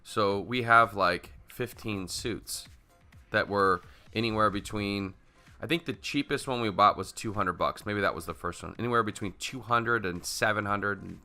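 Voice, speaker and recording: A man co-hosting a podcast, telling stories in lively casual chat, laughing loudly and swearing freely. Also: on the low side, moderate pace, soft background music. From Texas. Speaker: podcast co-host.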